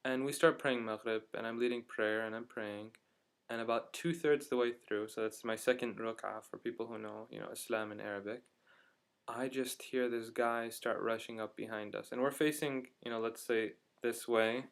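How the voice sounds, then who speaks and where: A young man casually telling a story to his camera at home, chatty and animated, with many fillers. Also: medium pitch, normal speed. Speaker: vlogger.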